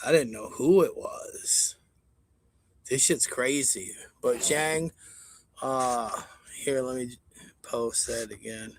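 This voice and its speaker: Slow-talking, profane stream host. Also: male voice, medium pitch, steady tone. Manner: profane, rambling, mocking. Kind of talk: casual live chat.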